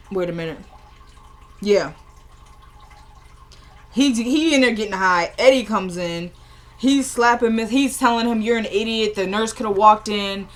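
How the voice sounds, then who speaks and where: A woman casually recapping a TV episode in a chatty, mid-pitched voice. She retells the scenes by quoting the characters' lines and breaks off for exasperated asides of her own. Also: fairly bright tone. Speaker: show recapper.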